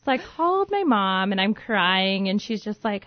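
Woman, interview guest, animated storyteller, mid-pitched, muffled lo-fi sound. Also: moderate pace, hardly any pauses, dry recording. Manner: lively storyteller who acts out her own past thoughts. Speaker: guest, home baker turned business owner. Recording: dull, muffled lo-fi sound, dry.

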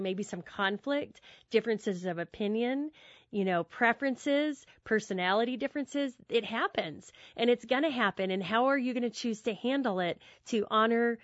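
A woman talking earnestly and warmly in a casual conversational teaching style, often repeating words as she thinks. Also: fairly high pitch, dry recording. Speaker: guest speaker on friendship. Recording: dull dry podcast audio.

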